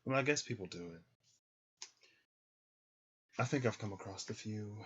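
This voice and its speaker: A man's voice: fairly low pitch, expressive, normal speed, long pauses, noisy background. A man giving a casual livestream tarot reading, thinking aloud with many ums. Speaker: tarot reader. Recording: slightly muffled lo-fi audio.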